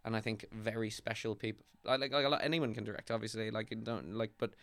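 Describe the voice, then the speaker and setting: A young Irish man, an actor, chatting casually and telling stories in an animated, rambling way with lots of fillers and restarts. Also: lowish voice, fast, no echo. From Ireland. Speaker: actor, guest. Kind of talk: casual podcast chat.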